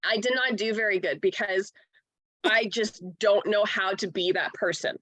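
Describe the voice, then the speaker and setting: A woman's voice: medium pitch, moderate pace, fairly bright tone, no room sound. A woman from Canada speaking bluntly and frankly in a casual podcast conversation, swearing freely and tagging on "right?".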